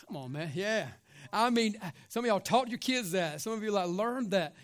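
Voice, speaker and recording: A man preaching a sermon as pastor, animated, with call-and-response asides and casual joking. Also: high voice, moderate pace.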